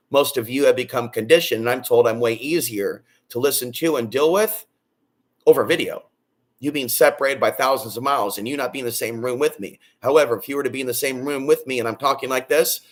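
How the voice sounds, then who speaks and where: A man talking straight to his viewers in a loud, booming, rambling monologue that swings between excited bursts and low, hushed stretches. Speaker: vlogger.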